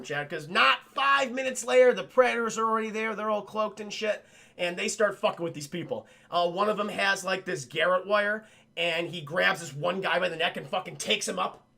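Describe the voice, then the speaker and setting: A man's voice: sits high, creaky, bright, forceful tone. A young man recapping a film on a livestream, rambling and swearing, talking straight to his chat. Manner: rambling, profane, addresses chat constantly. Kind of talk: casual chat.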